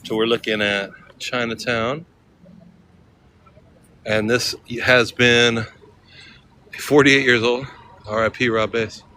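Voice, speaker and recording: A man's voice: mid-range voice, level tone, slow pace, pauses often, bright, forceful tone, slight background noise. Laid-back Californian man livestreaming. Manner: chatty, laid-back, slangy. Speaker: livestreaming vlogger. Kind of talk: casual livestream chat. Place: outdoors in a city at night, on the street and a ferry.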